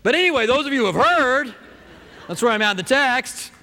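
A man's voice: very high voice, animated, brisk, sharp tone. Man preaching in a reverberant church. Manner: earnest, conversational preaching with restarts. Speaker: pastor. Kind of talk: sermon. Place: church sanctuary.

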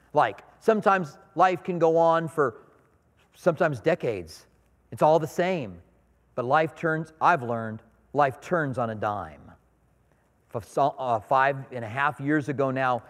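A middle-aged man preaching a sermon in a conversational, storytelling way, acting out little scenes in his anecdotes. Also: medium pitch. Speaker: pastor. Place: church sanctuary. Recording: long reverb of a large hall.

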